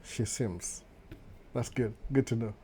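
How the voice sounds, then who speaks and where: A middle-aged Kenyan man hosts a relaxed live stream, answering viewer comments as they come in. His voice is mellow and even, and his talk moves freely between Swahili and English. He often brushes things off with a quick "no, no" and a chuckle. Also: mid-range voice, slightly rough. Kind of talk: casual live chat reading viewer comments.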